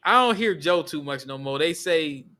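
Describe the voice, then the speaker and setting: A man's voice: fairly high pitch, animated, normal speed, bright, forceful tone. A man hosting a podcast, easygoing and slangy, asking curious questions. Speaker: podcast host. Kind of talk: casual chat.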